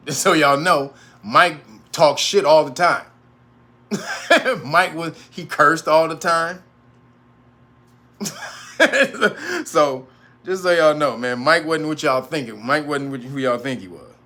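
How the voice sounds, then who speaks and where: A man's voice: on the high side, expressive, takes it slowly, long pauses, sharp tone. A man hosting a casual livestream monologue, rambling and profane, laughing often between remarks. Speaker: host.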